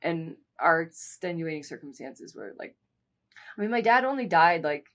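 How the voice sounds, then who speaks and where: A woman's voice: sits low, expressive, moderate pace, a bit bright. A woman co-hosting a podcast, chatting casually and candidly, with lots of asides. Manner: candid, talks through stories with frequent asides. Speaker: podcast co-host. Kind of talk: casual chat.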